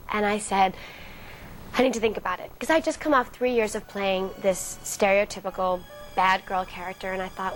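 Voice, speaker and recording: A woman recounting her own story in a relaxed interview. She moves along briskly and puts on the lines of the people in her story. A soft hum of ambience sits underneath. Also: mid-range voice, poor audio. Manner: acts out quoted dialogue vividly. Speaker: actress interviewee.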